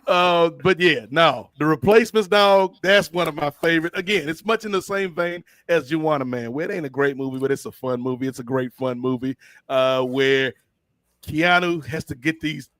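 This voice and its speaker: A man hosting a casual podcast chat, retelling movie scenes in an animated, storytelling way. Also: fairly high pitch, normal speed, no room sound, studio quality. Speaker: podcast host.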